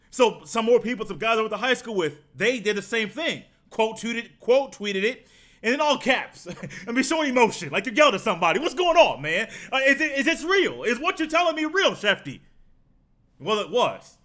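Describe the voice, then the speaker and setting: A man hosting a solo sports podcast, telling a story with animated acted-out reactions. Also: sits high. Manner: animated storytelling, acts out his own reactions.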